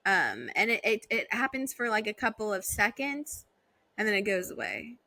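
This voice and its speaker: A woman's voice: mid-range voice, big pitch swings, normal speed, sharp tone, no echo. A woman co-hosting a podcast, chatting casually and reacting with short exclamations. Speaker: podcast co-host.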